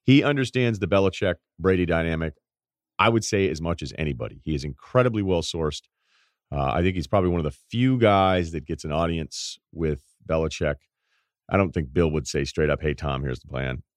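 Male podcast host, very deep voice, dry close mic, casual and musing. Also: lively intonation, a little fast, dry recording. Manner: thinking aloud, hedging. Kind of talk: casual sports talk.

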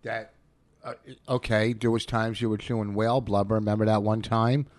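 A man's voice: lowish voice, level tone, moderate pace, dry recording. A middle-aged man co-hosting a podcast in casual, bickering chat, teasing and needling his partner. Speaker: podcast co-host.

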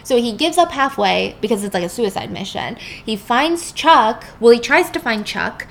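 A woman host casually retelling a film plot, animated and emphatic. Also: on the high side, normal speed, gravelly, slight background noise. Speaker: podcast host. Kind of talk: casual film recap storytelling.

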